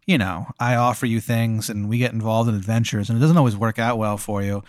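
A man's voice: lowish voice, steady tone, fairly quick, no echo, studio quality, natural voice. A man voicing a shrugging male wizard with a Maryland accent in improvised comedy role-play. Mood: offhand.

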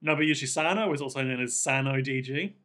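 A man hosting a casual podcast, reading facts aloud in a dry, amused way and spelling names out slowly. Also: mid-range voice, pushed and bright. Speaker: podcast host.

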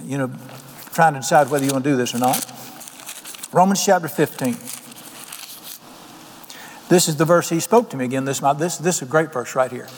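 A man whose voice sits on the high side preaches fairly quickly but pauses often, with slight background noise present. As pastor he tells homespun stories in a folksy way, quoting people in voices and asking the congregation questions. The recording has long hall reverb.

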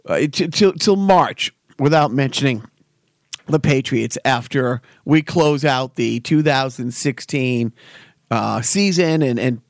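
A man co-hosting a casual podcast chats slowly in a medium-pitched voice, rambling and restarting often. The sound is clean studio audio with no echo.

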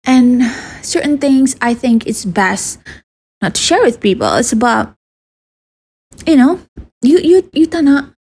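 Malaysian woman in her 30s vlogging, chatty, mixes in malay, kinda breathy and higher voice. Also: expressive, measured pace, long pauses, a little mellow. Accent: Malaysian English. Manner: chatty, mixes Malay into English, sighs and restarts. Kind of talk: casual advice talk.

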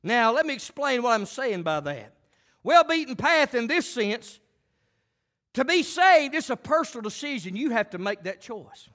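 A man preaching a folksy country sermon, building up to shouted, fervent passages. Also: extremely high pitch, big pitch swings, normal speed. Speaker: pastor.

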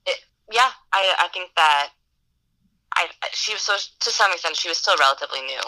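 A person chatting casually about films, enthusiastic, with halting restarts and many "like" fillers. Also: mid-range voice, expressive, bright, forceful tone, poor audio. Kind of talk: casual film chat.

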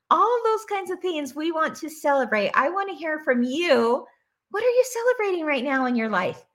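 A woman's voice: high-pitched, big pitch swings, moderate pace. A woman hosting a live stream, upbeat and gushing as she reads out viewer comments, laughing often. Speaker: host.

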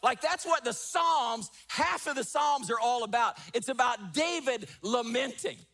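A man's voice: extremely high pitch, lively intonation, measured pace, bright, forceful tone, faint music behind. A man preaching a sermon as pastor, emphatic, rising and falling, repeating key phrases.

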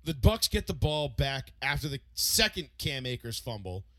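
A man co-hosting a casual chat show, telling a story in an excitable, profane way with loud re-enacted outbursts. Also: mid-range voice, moderate pace, dry recording. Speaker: podcast co-host.

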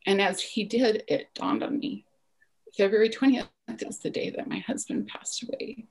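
A woman's voice: medium pitch, moderate pace, vocal fry, slightly rough, rough recording. A woman in her forties, a podcast guest, telling a personal story in an earnest, reflective way that sometimes sinks to a near-whisper.

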